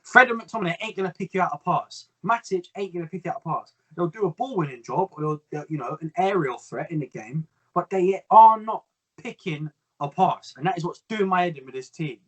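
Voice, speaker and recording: Brief: young man, fairly high voice, calm analysis with a frustrated edge. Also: husky, low-quality recording. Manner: measured, analytical, exasperated. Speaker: co-host. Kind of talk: casual football chat.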